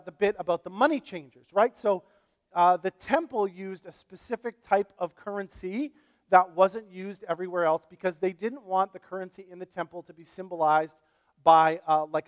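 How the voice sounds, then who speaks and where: A man preaching a sermon as pastor, conversational and animated, with casual asides to the congregation. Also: sits high. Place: church. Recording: long reverb of a church hall.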